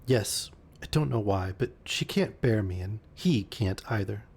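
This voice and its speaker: A man's voice: lowish voice, lively intonation, measured pace, creaky, darkish tone, breathy edge, heavily acted. A man reading aloud and voicing a lonely, wistful young woman who turns teasing.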